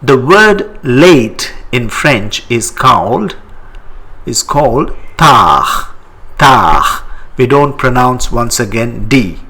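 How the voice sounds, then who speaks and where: A man with an Indian English accent teaching a French lesson, saying each phrase twice in a deliberate way. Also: mid-range voice, animated, a bit bright, slight background noise. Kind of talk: language lesson.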